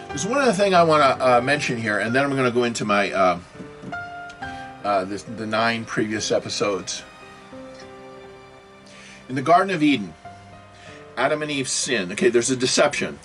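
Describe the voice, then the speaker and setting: A man's voice: medium pitch, fairly bright tone. Rambling man asking rhetorical questions. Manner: many fillers and self-corrections. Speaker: video host. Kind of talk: unscripted political and religious monologue.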